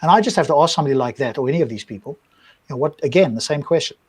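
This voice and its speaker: A man's voice: fairly high pitch, lively intonation, rapid-fire, breathy edge. A man co-hosting a live discussion, arguing his point through a string of rhetorical questions. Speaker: co-host. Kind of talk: casual live-stream discussion.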